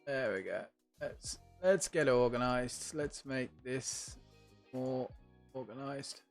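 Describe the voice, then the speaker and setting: A man's voice: mid-range voice, takes it slowly. A man streaming a game live, casually thinking aloud and chatting back to his viewers. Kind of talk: relaxed live-stream gaming chat. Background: faint lo-fi music.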